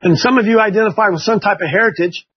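A man from Ohio leads a Bible class in a chatty, folksy sermon, pressing his listeners with one question after another. His voice sits unusually high and sounds husky. The recording is muffled and lo-fi. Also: quick pace.

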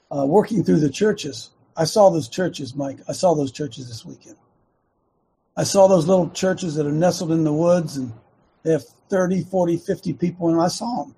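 Husky preachy talk-show man. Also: fairly high pitch, dark tone. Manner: rambling, preachy, repeats himself, many restarts. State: slightly hoarse, frog in throat. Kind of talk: conservative Christian talk show.

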